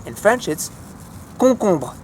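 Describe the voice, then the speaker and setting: Man, casual garden tour, teaching words, easily enthused, fairly high voice, faint outdoor hum. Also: takes it slowly. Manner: relaxed, chatty, easily enthused. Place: home vegetable garden outdoors.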